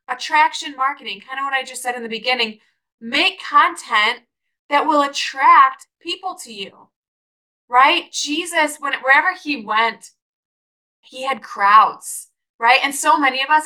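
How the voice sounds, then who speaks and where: A young woman hosts her own podcast and gives an encouraging, faith-based pep talk. Her voice sits a little high with a bright, forceful edge. She speaks with eager enthusiasm that keeps swelling into exclamations. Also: unhurried, low-quality recording. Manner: enthusiastic, preachy, rising to exclamations. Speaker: podcast host.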